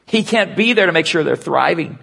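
A man preaching an earnest sermon, dropping to a hush and slowing down to stress key points. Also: on the high side, expressive, creaky, husky. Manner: earnest preaching with hushed, slowed emphasis. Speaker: pastor.

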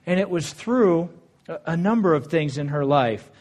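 A man's voice: on the high side, lively intonation, moderate pace, darkish tone. A married man preaching a sermon in a church, earnest and conversational, reading scripture aloud. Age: adult, married. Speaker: pastor.

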